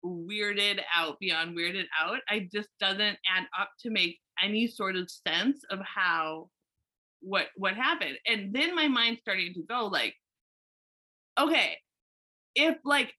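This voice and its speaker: A woman hairstylist telling a story in casual chat, animated and full of "like" and restarts. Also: mid-range voice, unhurried.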